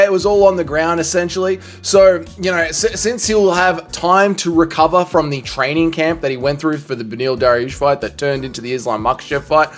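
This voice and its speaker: A man giving casual, opinionated sports commentary, animated and swearing freely. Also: on the high side. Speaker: commentary vlogger.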